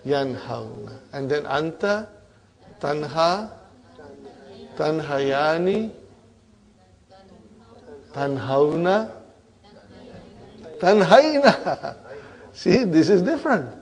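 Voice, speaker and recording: A man's voice: on the high side, a little mellow. A man teaching an Arabic grammar class, drilling verb forms aloud and checking on his students with "huh?" and "brother".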